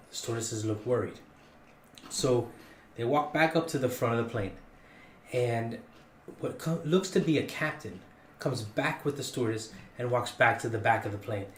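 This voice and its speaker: Brief: animated male storyteller on a podcast, mid-pitched, roomy echo, faint hiss. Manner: animated, jokey, rising in pitch for punchlines. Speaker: podcast guest telling a story. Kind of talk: casual storytelling.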